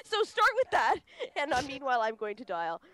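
Animated high-voiced woman podcaster. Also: a little fast. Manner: animated, swearing, rambling with restarts. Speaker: podcast co-host. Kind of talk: casual true-crime podcast chat.

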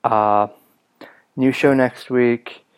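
A young man hosting a casual solo podcast, raspy from a cough, rambling with lots of ums and restarts. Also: mid-range voice, fairly even intonation, extremely slow. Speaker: podcast host.

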